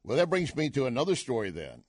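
A man's voice: mid-range voice, huge pitch swings, fast talker, darkish tone, breathy edge, no echo. An older man hosting a talk radio show, delivering an opinionated monologue with emphatic, punchy asides into a studio mic.

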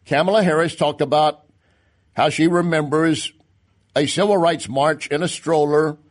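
Male commentary host, slightly high pitch, sarcastic and emphatic, loose unscripted delivery. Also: fairly even intonation, normal speed. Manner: sarcastic, emphatic, with stumbles and restarts. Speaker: talk show host. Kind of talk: opinion commentary.

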